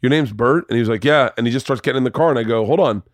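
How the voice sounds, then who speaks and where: A man's voice: mid-range voice, racing, no room sound, clean studio sound. A man hosting a podcast, telling stories in casual chat, swearing freely and acting out the voices of people in his stories. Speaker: podcast host.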